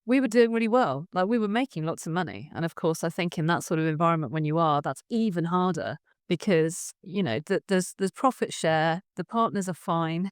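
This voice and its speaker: A woman's voice: on the low side, brisk, hardly any pauses, clean tone, no room sound, clean studio sound. A woman, a leadership expert guesting on a podcast, telling her story in a candid, emotional way. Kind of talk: conversational interview.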